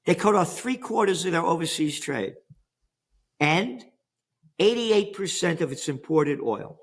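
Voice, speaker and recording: A man's voice: a little high, lively intonation, measured pace, slightly rough. An older American man on an interview, emphatic and sarcastic, firing rhetorical questions. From United States. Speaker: interview guest. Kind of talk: animated interview talk.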